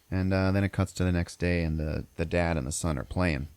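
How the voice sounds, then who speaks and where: A man's voice: low voice, fairly even intonation, a little fast, hardly any pauses, darkish tone, no echo. A man hosting a podcast, recapping a movie in a rambling, profane, casual way. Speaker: podcast host.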